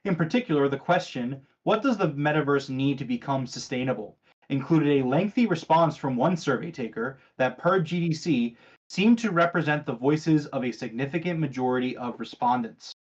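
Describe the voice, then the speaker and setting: A man's voice: mid-range voice, lively intonation, normal speed, muffled recording. A man hosting a casual gaming podcast, reading news items aloud and asking co-hosts questions, with a sarcastic streak. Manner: chatty, sarcastic, leads the discussion. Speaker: podcast host.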